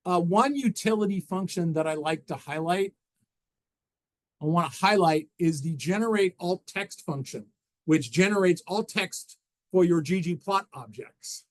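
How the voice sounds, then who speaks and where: A man talking through slides at a technical seminar. His voice sits a little high for a man. He speaks haltingly, restarting phrases and filling gaps with "uh" as he explains each step. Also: low-quality recording. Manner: halting, frequent restarts and fillers while walking through slides. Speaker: presenter.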